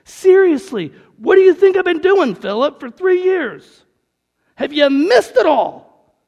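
A man voicing an exasperated teacher scolding his slow students, pleading and incredulous, with a long hall reverb. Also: extremely high pitch, very animated, a little mellow, pitched above the performer's own voice, full character voice.

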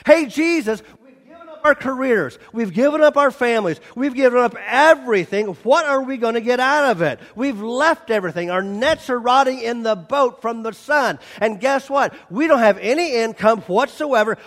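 A man's voice: extremely high pitch, animated, normal speed, hardly any pauses, fairly bright tone, voice pushed up. A man voicing an earnest male disciple, urgently complaining and pleading. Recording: long reverb of a large hall.

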